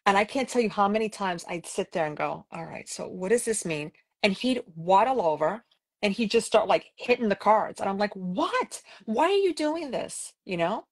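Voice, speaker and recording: A woman from New York City telling stories in a casual, animated way. She acts out what she said back then and fills her talk with "like." Her voice sits in an ordinary middle pitch. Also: fairly quick. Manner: animated, acts out her own past remarks, frequent "like". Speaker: podcast co-host and guest. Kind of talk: casual conversational storytelling.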